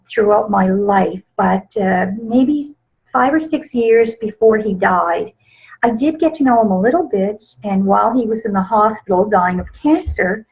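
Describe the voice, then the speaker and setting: Soft-spoken female grief educator, slow pace, slightly muffled lo-fi sound. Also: on the high side. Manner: slow, gentle, soft-spoken, with frequent small laughs. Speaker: grief educator presenting a webinar. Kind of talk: teaching webinar talk. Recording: slightly dull lo-fi webinar audio.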